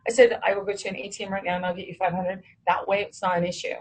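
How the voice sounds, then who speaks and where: A woman's voice: mid-range voice, steady tone, very fast, husky, low-quality recording. A woman recounting a personal story, acting out the dialogue of others and cursing when heated.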